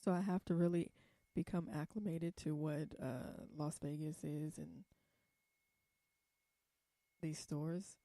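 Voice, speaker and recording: A woman's voice: low-pitched, steady tone, slow pace, pauses often, mellow, dry recording. Blunt, rambling young woman vlogger. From California. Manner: blunt and profane, rambling with many ums. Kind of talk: casual vlog monologue.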